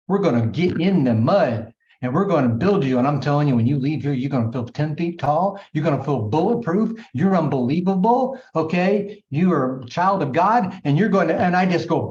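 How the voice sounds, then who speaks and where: A man with a fairly high, slightly mellow voice talks fairly quickly, coaching his team with emphatic, repetitive motivation and punchy sound words, calling them gang and guys. The recording sounds dull and echoey, like a room.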